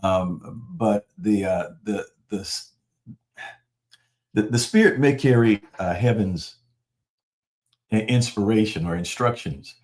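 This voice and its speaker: A man preaching a sermon in a conversational, animated storytelling manner. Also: on the low side, slow, pauses often. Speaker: pastor.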